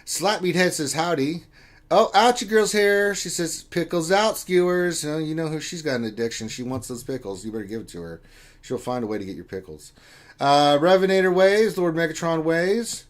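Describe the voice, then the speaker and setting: A man's voice: a little high, normal speed. A man co-hosting a casual live stream, reading viewer chat aloud with joking, playful teasing.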